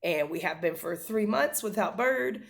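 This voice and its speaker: A woman's voice: mid-range voice, animated, normal speed, gravelly. A woman in her thirties, a mother, earnestly telling a family story to camera, with many fillers and restarts.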